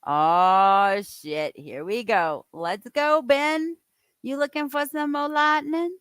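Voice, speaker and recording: Woman, casual live-stream chat, reactive, dry close sound, slightly high voice. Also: steady tone, slow pace, a bit bright, clear, resonant tone, no room sound. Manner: chatty, reacting aloud with laughs.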